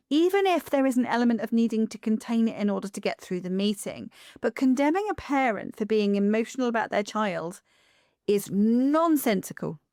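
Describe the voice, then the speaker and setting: A woman hosting a podcast, talking in an emphatic, animated way with quick asides. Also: a little high, no room sound, clean studio sound. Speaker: podcast host. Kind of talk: conversational podcast interview.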